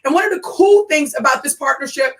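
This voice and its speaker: A woman hosting a live stream, talking with high energy and calling out to viewers by name. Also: a little fast, fairly bright tone, poor audio. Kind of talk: excited live-stream announcement.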